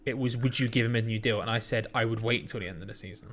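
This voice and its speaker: A man's voice: medium pitch, steady tone, rapid-fire, slight background noise. A man co-hosting a live football watch-along, teasing his partner and reading chat in playful banter. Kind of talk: casual live stream chat.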